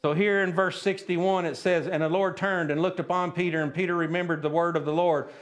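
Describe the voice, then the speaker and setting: A man's voice: high-pitched, steady tone, a little fast. A man preaching a sermon at a church service, plain-spoken and folksy, often checking in with the congregation. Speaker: pastor.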